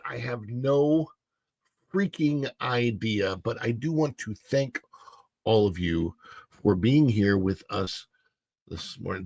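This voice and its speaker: A man's voice: mid-range voice, no echo. A middle-aged man hosting a casual livestream, chatting and reading viewer comments aloud. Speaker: livestream host.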